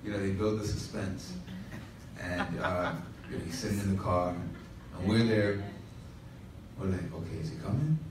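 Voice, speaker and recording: A man's voice: deep voice, flat delivery, measured pace, background noise. A man pastor telling a humorous story in a sermon, with asides to the congregation. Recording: echoey room from far off.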